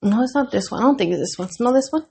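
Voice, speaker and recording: Animated, swearing woman podcast co-host. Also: fairly high pitch, racing, gravelly, slight background noise. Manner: animated storyteller, swears freely, acts out quoted voices. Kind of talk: casual chat.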